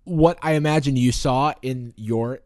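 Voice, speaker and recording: A man's voice: mid-range voice, unhurried, a little mellow, no room sound, studio quality. A man co-hosting a casual chat, reflective and full of fillers. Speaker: podcast co-host.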